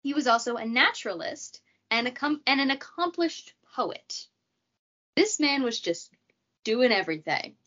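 A woman's voice: a little high, expressive, normal speed, a bit bright. A woman hosting a casual true crime podcast, chatty and jokey, with asides. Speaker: podcast host. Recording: dull lo-fi audio.

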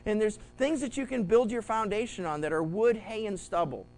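A male pastor teaching a Bible study, conversational and animated, acting out the voices he quotes. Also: high voice, a little fast, low-quality recording. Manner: conversational with restarts.

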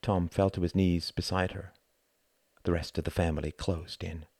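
A man who wrote the novel reads his own audiobook in a measured, expressive way. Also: sits low, breathy edge, dry recording, clean studio sound. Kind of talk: dramatic audiobook narration.

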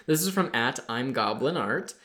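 A young woman with a strikingly deep voice chats casually as a podcast host. Her pitch moves around a lot, lively and animated. She teases and laughs often. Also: moderate pace. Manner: playful, teasing, laughs often. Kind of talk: casual chat.

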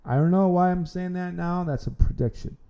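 A man hosts a casual sports podcast in a rambling way, often stumbling over and repeating his words. His voice is very dark, mellow and smooth. The recording sounds dull and lo-fi. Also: high-pitched, a little fast. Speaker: podcast host.

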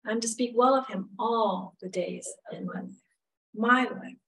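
A woman's voice: a little high, unhurried, gravelly, fairly bright tone, a little hiss or hum. Middle-aged woman, leading a women's Bible lesson; candid and conversational, recorded from a little way off the mic. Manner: chatty, candid, lots of "you know" asides. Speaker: women's Bible study teacher. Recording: voice a bit far from the mic.

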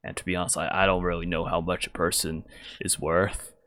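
A man's voice: sits low, little pitch movement, fairly quick, a bit bright, no room sound, clean studio sound, voice pushed down. A man voicing a dim-witted bandit rider who mumbles hesitantly, in a tabletop game. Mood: sheepish.

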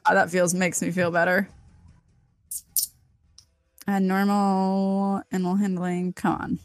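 A woman playing a tabletop role-playing game, animated, laughing often and swearing casually. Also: fairly low pitch, slow pace, no room sound. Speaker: player. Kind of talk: tabletop role-play banter.

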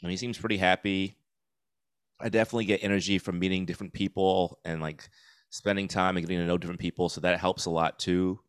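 A man's voice: deep voice, level tone, fast, clear, resonant tone, dry recording. A man in his forties, a comedian guest chatting candidly and rambling with fillers, laughing easily. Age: 40s. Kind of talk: casual podcast chat. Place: New York City.

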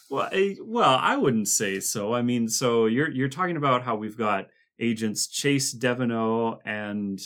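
A man's voice: mid-range voice, expressive, slow, a bit bright. A man co-hosting a podcast, explaining details of a cartoon series in a chatty way, with frequent restarts. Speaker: podcast co-host. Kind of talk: casual discussion of a cartoon series.

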